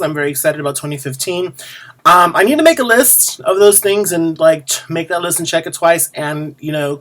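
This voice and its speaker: A man talks straight to camera as a drag performer's video diary, rambling with frequent pauses and restarts. His voice sits a bit high, and he lands his asides with a sassy edge. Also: a bit bright. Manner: rambling, lots of ums and restarts; sassy, chatty. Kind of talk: casual chat to camera.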